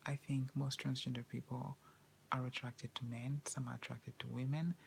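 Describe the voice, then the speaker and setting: A woman's voice: very deep voice, little pitch movement, moderate pace, gravelly, darkish tone, a little hiss or hum, rough recording. A woman vlogger in a whispered personal monologue, talking in a rambling, repetitive and anxious way.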